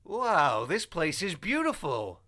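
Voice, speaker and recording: A man voicing a bright, wide-eyed noob gamer. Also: a little high, huge pitch swings, slow, pitched above the performer's own voice, full character voice. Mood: awestruck. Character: clueless young male noob gamer, awestruck. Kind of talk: video game voice acting takes.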